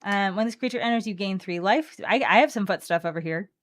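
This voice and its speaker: A woman's voice: medium pitch, fast talker. A woman co-hosting a card game stream, chatting playfully and reading card text aloud. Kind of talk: casual chat opening card packs.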